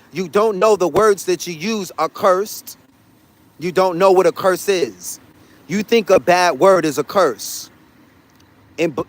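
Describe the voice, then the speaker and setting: A livestreaming traveler, a man whose voice sits somewhat high, talks to his chat from a city street or car. His manner is blunt and profane, and he keeps repeating himself for emphasis.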